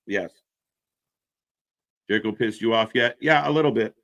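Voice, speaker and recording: A man's voice: normal speed, fairly bright tone. A man hosting a live wrestling stream, ranting bluntly, swearing freely and plugging upcoming shows to viewers. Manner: pitches channel shows to viewers. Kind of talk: casual live-stream commentary.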